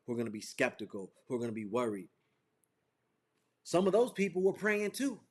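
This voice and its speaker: A man's voice: mid-range voice, husky. A man leading a motivational sales training over a video call, talking in fervent, repetitive build-ups like a preacher. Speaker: business trainer.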